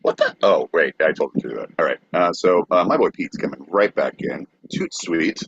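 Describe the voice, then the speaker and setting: A man from Brooklyn co-hosting a podcast in a laid-back, halting way, on a dry, muffled, lo-fi recording. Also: sits low, lively intonation, gravelly, husky, no echo. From Brooklyn, New York. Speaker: podcast co-host. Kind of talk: casual podcast banter.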